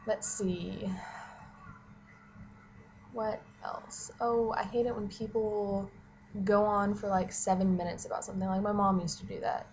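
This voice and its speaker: A woman's voice: mid-range voice, level tone, a little slow, long pauses, darkish tone, a little hiss or hum, poor audio. Young female student vlogger, exasperated casual rant, profane, filler-heavy. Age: young adult. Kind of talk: casual ranting vlog.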